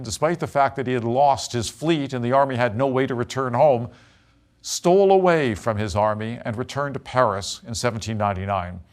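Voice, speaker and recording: A man giving a history lecture in a measured way, pausing with frequent fillers as he talks. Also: mid-range voice.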